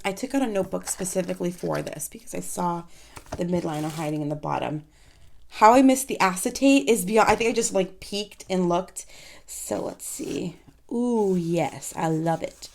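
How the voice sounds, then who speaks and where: Showing planner supplies from her desk, a woman chats through an unboxing vlog, excitable and gushing, often gasping and exclaiming softly. Her voice is on the low side, and she talks at a normal speed.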